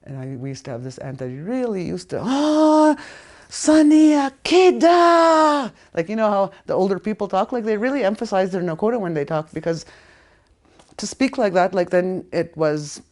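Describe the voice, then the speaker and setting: Woman w a lowish voice running a chatty language lesson, says words slow n repeats them w big emphasis. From Canada. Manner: animated, stresses words strongly when saying them; repeats words slowly for learners. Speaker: language teacher. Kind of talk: casual spoken lesson.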